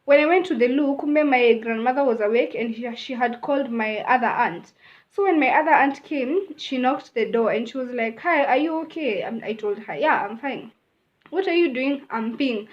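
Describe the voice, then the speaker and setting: Young Kenyan woman, vlogger, casual chatty storytime, high-ish voice, lo-fi muffled mic. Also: normal speed. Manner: chatty, mixes in Swahili phrases.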